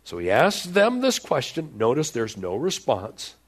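A man's voice: medium pitch, wildly swooping pitch, a little slow, slightly rough. A man preaching a sermon at a church service, telling the story dramatically and acting out the voices of the people in it. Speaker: pastor.

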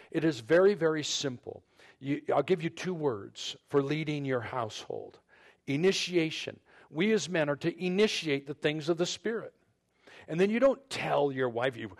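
Male pastor, easygoing sermon, talks to the guys then the girls, lots of restarts. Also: a little high. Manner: chatty, repeats words and restarts sentences; addresses the men and the women in turn. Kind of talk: conversational sermon to a congregation.

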